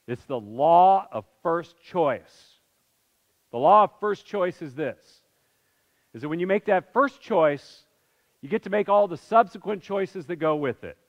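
A middle-aged man preaching through a personal story, swinging between loud bursts and hushed, low lines. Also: expressive, moderate pace. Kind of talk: sermon storytelling. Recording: reverberant hall, dull sound.

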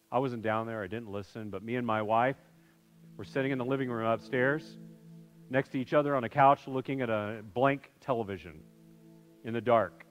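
A middle-aged man preaching through a personal story, swinging between loud bursts and hushed, low lines. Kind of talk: sermon storytelling. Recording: reverberant hall, dull sound.

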